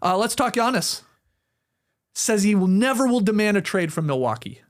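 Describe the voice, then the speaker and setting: Guy with a high voice on a hoops podcast, animated, laughs a lot, fumbles for words sometimes. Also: moderate pace. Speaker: podcast co-host. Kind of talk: casual sports chat.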